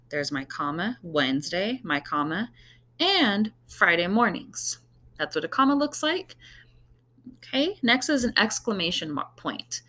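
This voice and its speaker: A woman's voice: mid-range voice, fairly bright tone. A woman teacher walks her class through a recorded online lesson. She is patient and goes step by step, checking in with "okay?" again and again.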